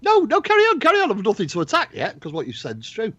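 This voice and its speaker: A man's voice: high-pitched, wildly swooping pitch, quick pace, fairly bright tone, no echo, lo-fi sound. A man co-hosting a casual chat show, telling jokey stories with plenty of animation. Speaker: co-host. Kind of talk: casual banter.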